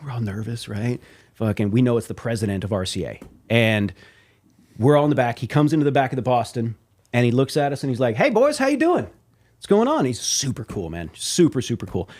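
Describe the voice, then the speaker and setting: A man's voice: medium pitch, a little fast. A man from Las Vegas, a professional drummer and podcast guest, telling stories in casual chat, slangy and swearing, calling people "bro". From Las Vegas, USA. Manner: animated, slangy, swears, says "bro", acts out quotes.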